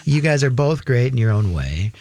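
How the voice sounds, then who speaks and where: Animated middle-aged male radio host. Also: medium pitch, normal speed. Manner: leads the talk with animated, upbeat questions. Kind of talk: casual radio show chat.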